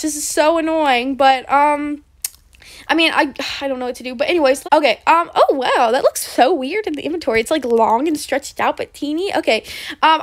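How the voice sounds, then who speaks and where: A young woman chatting excitedly over a video game, with lots of ums and likes as she plays. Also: high-pitched. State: briefly out of breath. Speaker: gaming video host. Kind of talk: casual gameplay commentary.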